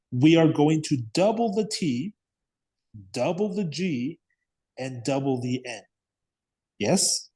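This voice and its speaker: A man's voice: fairly high pitch, a little mellow, slightly rough. A man teaching an English grammar lesson, patiently repeating words and checking understanding with frequent "okay?" and "yes?".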